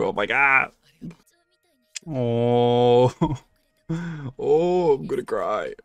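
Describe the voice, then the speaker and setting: A man's voice: mid-range voice, no echo, studio quality. A young man hosting an anime reaction video, talking casually and emotionally, swearing and laughing often. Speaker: anime reaction channel host.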